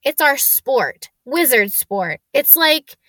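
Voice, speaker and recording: A woman reading aloud lends a light touch to a big gruff kindly gamekeeper from a storybook, blunt and homely in his chatter. The voice sits fairly high and the sound is dry and close. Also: very animated, slow, pushed and bright, no room sound, exaggerated voice. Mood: chatty.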